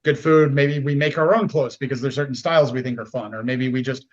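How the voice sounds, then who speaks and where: Animated man acting out quoted voices. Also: medium pitch, a little fast, muffled recording. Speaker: podcast guest. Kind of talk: casual conversation.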